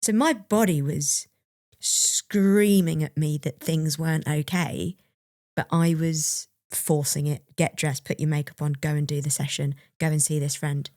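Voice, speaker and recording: A woman's voice: sits low, fairly even intonation, measured pace, darkish tone, no room sound, studio quality. A young adult woman co-hosting a podcast, candidly and reflectively telling a personal story and laughing now and then. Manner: open, reflective, laughs while recalling. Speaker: podcast co-host.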